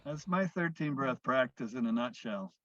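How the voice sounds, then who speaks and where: A man teaching breathwork, guiding listeners through breaths in a slow, soothing way that often trails off softly. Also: medium pitch, lively intonation, dry recording. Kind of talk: guided breathing instruction. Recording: dull, lo-fi dry sound.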